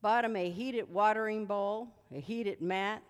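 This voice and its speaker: A woman preaching a sermon, shouting commands at times and telling chatty stories with asides. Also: medium pitch, measured pace, smooth. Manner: animated, shouting commands at spirits, then chatty storytelling with asides. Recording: reverberant hall.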